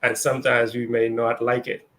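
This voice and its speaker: Man, casual co-host, chatty and loose, mid-pitched voice, many fillers. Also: monotone, moderate pace, fairly bright tone. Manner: conversational, lots of fillers and acted-out quotes. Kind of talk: casual spiritual discussion.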